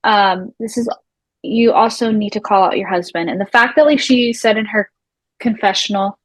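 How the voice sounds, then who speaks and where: A young woman recaps reality TV in a loose, animated chat, swearing freely and slipping into the voices of the people she describes. Her voice sits at a middling pitch. The sound is dry and close, with no room around it. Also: moderate pace, no room sound, poor audio. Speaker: recap show co-host.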